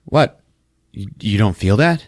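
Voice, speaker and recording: A man's voice: fairly low pitch, expressive, unhurried, dry recording, studio quality. A man voicing a desperate, grieving mother who pleads and shrieks at her family. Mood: pleading.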